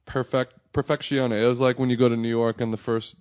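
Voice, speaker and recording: A man's voice: medium pitch, little pitch movement, brisk, darkish tone, no room sound. A man hosting a food podcast, telling stories and joking in casual chat with friends. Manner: joking, storytelling. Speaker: podcast host.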